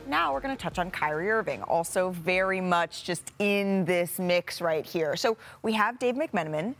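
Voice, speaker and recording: A woman hosting a sports talk podcast, upbeat and brisk as she moderates a playful role-play segment. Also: lowish voice, animated. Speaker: podcast host.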